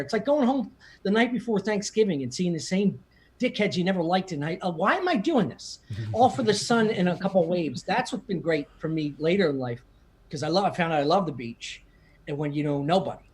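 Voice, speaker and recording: A man's voice: sits high, lively intonation, brisk, a little mellow. A man with a Philadelphia accent, a comedian guest telling rambling, profane stories in casual podcast chat. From Philadelphia area. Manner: profane, rambling storyteller with laughs.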